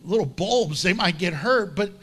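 A man's voice: high voice, lively intonation, normal speed, fairly bright tone, husky, full character voice. A man voicing a king who mocks a rival in a scornful, taunting way. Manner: taunting, dismissive. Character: scornful older male king, mocking.

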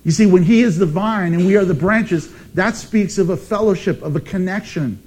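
High-voiced man preaching a sermon. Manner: emphatic, animated preaching with dramatic pauses. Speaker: pastor.

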